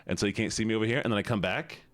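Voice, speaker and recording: A man's voice: fairly low pitch, racing, fairly bright tone, dry recording. A man chatting playfully and animatedly with viewers on a live stream. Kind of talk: casual live-stream chat.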